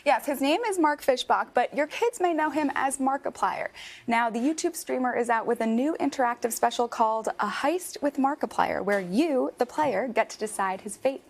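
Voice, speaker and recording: A woman working as a TV contributor, presenting a feature and interviewing her guest in a bright, upbeat manner. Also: a little high, slight background noise.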